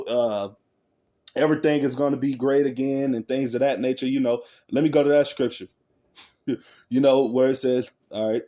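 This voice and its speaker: A man's voice: medium pitch, warm tone, muffled recording. A man in casual commentary reacting to a news clip, laughing often, speaking in loose slangy talk and reading scripture aloud. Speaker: religious online commentator.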